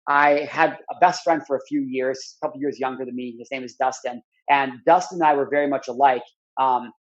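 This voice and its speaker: A man's voice: mid-range voice, dull audio. A man in his thirties, speaking as a podcast guest, tells a personal story in an earnest, rambling way full of "like" and restarts. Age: 30s.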